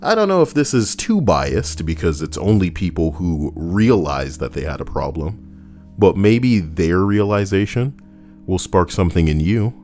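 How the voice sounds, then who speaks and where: A man's voice: low-pitched, very animated, measured pace, darkish tone, faint music behind. A young man hosting a casual commentary video, rambling, cursing and joking, and sometimes arguing with himself. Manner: rambling, profane, jokey, talks to himself. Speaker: channel host.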